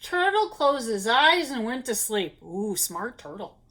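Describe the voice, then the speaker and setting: A woman reads a children's picture book aloud for story time, breaking in with gasps and little asides to her young listeners. Her voice is high and swoops widely. She takes her time over every line. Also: big pitch swings, measured pace, a bit bright, slight background noise.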